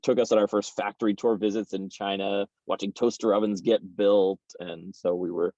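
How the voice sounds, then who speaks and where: A man, a guest entrepreneur, telling his story in a casual interview, animated and repeating words as he starts. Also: on the low side, moderate pace, no echo, lo-fi sound.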